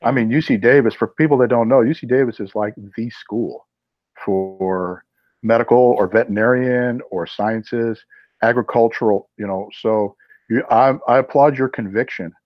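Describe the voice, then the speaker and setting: A man hosting a chat show, talking haltingly with many fillers and restarts. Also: medium pitch, no room sound. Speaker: host. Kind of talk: casual chat. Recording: dry, dull lo-fi sound.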